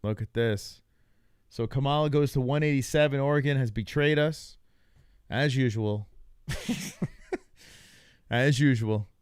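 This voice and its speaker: A man's voice: medium pitch, a little slow, pauses often, clear, resonant tone, no echo, clean studio sound. A young man hosting a live stream, reacting to results in loose, joking chatter and talking to his chat. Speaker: livestream host. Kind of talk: casual live reaction commentary.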